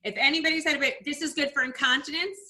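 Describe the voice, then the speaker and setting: A woman's voice: high-pitched, steady tone, rapid-fire, pushed and bright. A woman hosting a casual podcast chat, chatty and eager, often chiming in. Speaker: podcast host.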